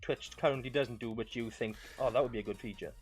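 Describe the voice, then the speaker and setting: A man's voice: mid-range voice, fast talker, slightly rough, soft background music. A young man hosting a casual podcast, joking around and leaning on "right, okay" fillers. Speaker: podcast host.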